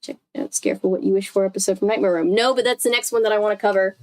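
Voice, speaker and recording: A woman's voice: mid-range voice, fairly even intonation, very fast, darkish tone. A woman reading a book aloud, breaking off often to react and laugh. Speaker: host.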